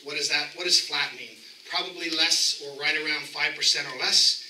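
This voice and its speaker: A man with a New York accent, a representative of the county assessor's office, giving a brisk, matter-of-fact presentation at a town hall meeting. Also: a little high, fairly even intonation, bright, forceful tone, slight background noise. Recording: echoey room, mic from a distance.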